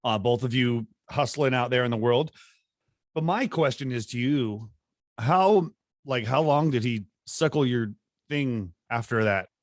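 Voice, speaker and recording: A man co-hosting a podcast in casual chat, joking and quick to laugh. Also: medium pitch, no echo, clean studio sound. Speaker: podcast co-host.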